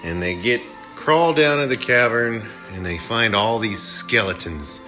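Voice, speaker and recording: A man casually recapping a film play by play, animated, slipping into mock voices for the characters. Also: on the low side, a little slow, faint music behind. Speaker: movie reviewer.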